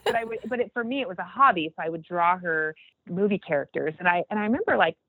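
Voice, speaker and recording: A woman's voice: lowish voice, expressive, fast, slightly rough, no echo. A woman in her forties talking earnestly in a casual faith chat, rambling with many restarts. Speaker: podcast guest. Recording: tinny phone-like line.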